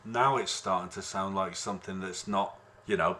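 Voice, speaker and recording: A man's voice: low-pitched, normal speed, over loud music. Rambling man teaching harmonica online. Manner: relaxed, rambling explanations with many fillers. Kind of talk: online music lesson. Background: harmonica playing.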